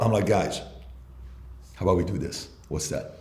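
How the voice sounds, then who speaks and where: Deep-ish guy acting out old sales convos in an interview, echoey room. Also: moderate pace, a little mellow. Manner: acts out both sides of dialogues. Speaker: guest entrepreneur. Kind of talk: storytelling interview talk. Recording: roomy echo.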